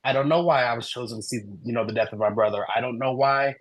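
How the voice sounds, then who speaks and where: A man guest on a podcast interview, telling his story in an animated way and acting out the dialogue he quotes. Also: mid-range voice, fast, no room sound, rough recording. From American Midwest. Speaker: guest, human design reader.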